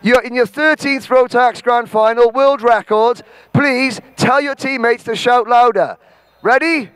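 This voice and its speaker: A Welsh man from Wales hosting an event, directing a crowd with bossy jokes and shouting out names. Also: very high-pitched, measured pace, clear, resonant tone. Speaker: event host. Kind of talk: directing a crowd and calling a roll.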